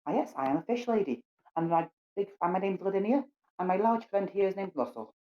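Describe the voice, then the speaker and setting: A woman playing a tabletop game, speaking gently and earnestly with some hesitation. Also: medium pitch, lively intonation, fairly quick. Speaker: player. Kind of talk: in-character tabletop play. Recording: dull lo-fi recording.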